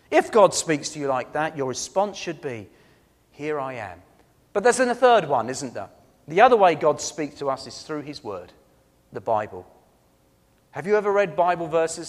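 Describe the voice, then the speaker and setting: A man preaching a sermon, telling personal stories with earnest emphasis that swings from loud to soft. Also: fairly high pitch, big-room sound.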